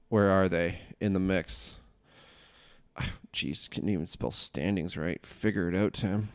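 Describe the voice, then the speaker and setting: A young man hosting a casual solo podcast, rambling and self-deprecating, grumbling with sudden high exclamations. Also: fairly even intonation, unhurried, smooth. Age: young adult. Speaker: podcast host.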